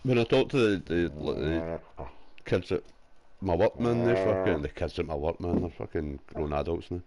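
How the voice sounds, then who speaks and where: A man's voice: low-pitched, moderate pace, dark tone. A young man with a Glasgow accent, chatting casually over a headset while gaming, swearing freely and laughing often. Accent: Scottish (Glasgow). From Scotland. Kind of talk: casual chat.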